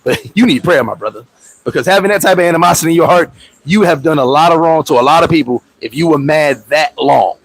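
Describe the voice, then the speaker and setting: A man's voice: fairly high pitch, fast, vocal fry, husky, no room sound, low-quality recording. A man hosting a casual livestream, talking in loose street slang, laughing often and acting out little scenes in other voices. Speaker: expat vlogger and livestream host.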